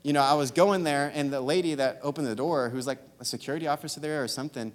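A man's voice: on the high side, fast talker. Earnest young man preaching in a hall. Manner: earnest, conversational storytelling with fillers. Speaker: youth speaker. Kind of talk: sermon. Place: church hall. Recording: long hall reverb, music behind. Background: soft guitar.

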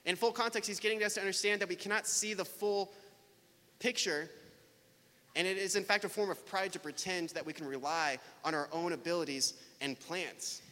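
A man with a high, bright voice gives a sermon, casual and self-deprecating as he chats with his listeners. His voice rings out with a long reverb through a church hall. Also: fairly even intonation, normal speed.

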